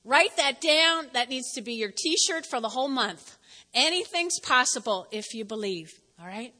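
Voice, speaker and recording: High bright-voiced woman pastor preaching. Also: big-room sound. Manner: lively, talks straight to the congregation, acts out quotes. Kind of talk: sermon. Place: church sanctuary.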